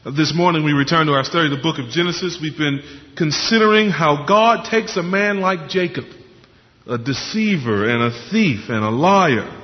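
A young man preaching a sermon in an earnest way, pausing often and asking rhetorical questions. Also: a little high. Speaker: pastor. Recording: dull sound in a reverberant hall.

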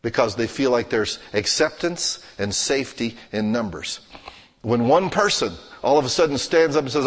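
A man's voice: mid-range voice, normal speed, a bit bright, in a large hall. A man preaching a sermon as a pastor, exhorting his congregation with emphatic, rising and falling intensity.

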